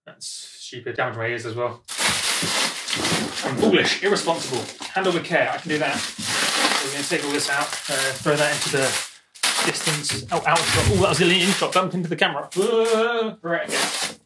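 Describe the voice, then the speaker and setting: Male vlogger, fairly high voice, rambling self-mocking chatter, recorded on a camera mic across an echoey studio. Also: moderate pace, far from the mic, heavy background noise. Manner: rambling, self-mocking, talks to himself while handling gear. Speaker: music producer and vlogger. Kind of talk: casual studio vlog, talking to camera. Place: home music studio, indoors. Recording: echoey room, voice often off-mic.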